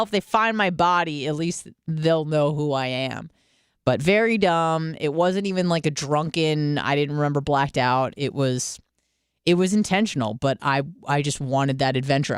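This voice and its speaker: Candid young woman radio host, crisp and dry. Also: low-pitched, dry recording. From Michigan. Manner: candid, swearing, lively storytelling. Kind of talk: casual solo radio monologue.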